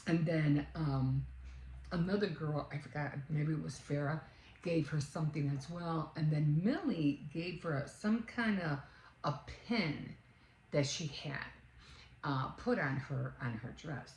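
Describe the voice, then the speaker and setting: A woman with a low voice casually retells a story, rambling and correcting herself as she goes. The room is echoey, with a faint hiss underneath. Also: measured pace, a little mellow. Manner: rambling, full of fillers and self-corrections. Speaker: vlogger.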